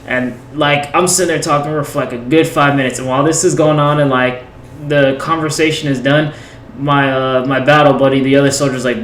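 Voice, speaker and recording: A man's voice: medium pitch, steady tone, a little fast, a bit bright, reverberant, a little hiss or hum, poor audio. Rambling young man telling a story. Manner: rambling, many restarts and fillers. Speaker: gaming vlogger telling a personal story. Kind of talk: casual storytelling over gameplay.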